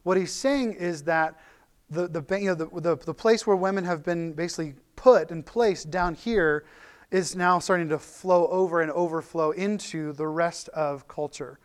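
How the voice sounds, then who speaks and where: A man with a notably high voice preaches a sermon in a relaxed, conversational way. He talks animatedly, often restarting his sentences and filling pauses as he goes. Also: smooth. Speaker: pastor.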